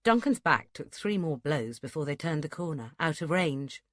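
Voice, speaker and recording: A woman narrating an audiobook in a steady, measured reading. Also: low-pitched, no room sound, clean studio sound. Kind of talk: scripted narration.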